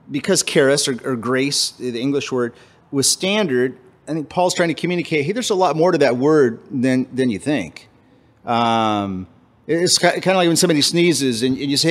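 Man preaching a casual, halting sermon. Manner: casual, halting, with many restarts and fillers; acts out quoted voices with jumps in pitch. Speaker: pastor. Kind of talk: conversational sermon.

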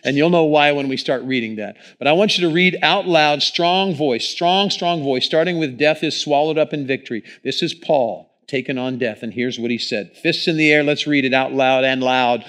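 Guy preaching in church on a mic, kinda high voice, goes quiet then loud. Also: normal speed. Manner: preaching with swings between hushed and loud. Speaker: pastor. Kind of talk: sermon. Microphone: microphone.

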